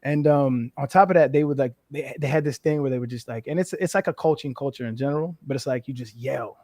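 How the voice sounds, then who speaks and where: A man in his thirties talks as an interview guest, frank and animated, and he swears freely. His voice sits at a middle pitch. The sound is dry and close to the mic. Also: fast, no room sound. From New Mexico, US. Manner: frank, profane, animated storytelling. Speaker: interview guest, former football player. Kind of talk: casual interview chat.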